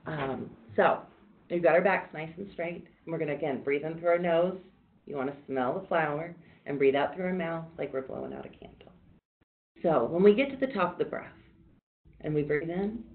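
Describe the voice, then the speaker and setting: A woman mindfulness instructor leading a workshop, talking people through deep breathing in a calm, reassuring, conversational way. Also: a little fast. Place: workshop room. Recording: echoey room on a tinny, phone-like line.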